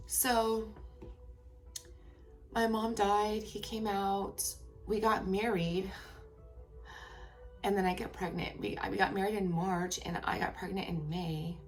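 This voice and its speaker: A woman's voice: mid-range voice, flat delivery, slow pace, pauses often, faint music behind. A woman in her thirties or forties telling a personal story to camera in a candid, rambling way, repeating herself and swearing casually. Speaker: tarot vlogger.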